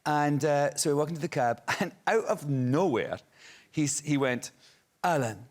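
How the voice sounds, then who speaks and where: A man's voice: a little high, normal speed. Middle-aged Scottish man, chatty talk show guest, anecdotal and giggly. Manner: animated storyteller, laughs often. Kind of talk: casual chat, telling anecdotes.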